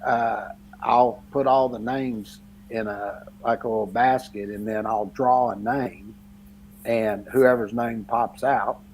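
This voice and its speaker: A man's voice: mid-range voice, fairly even intonation, takes it slowly, slight background noise, poor audio. A man co-hosting a casual sports podcast, rambling with lots of fillers and laughing through his stories. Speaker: podcast co-host. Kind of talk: casual chat.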